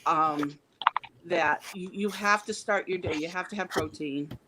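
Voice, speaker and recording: A woman's voice: fairly low pitch, measured pace, pushed and bright, slight background noise, rough recording. A woman in a casual group chat, talking hesitantly with many ums and restarts.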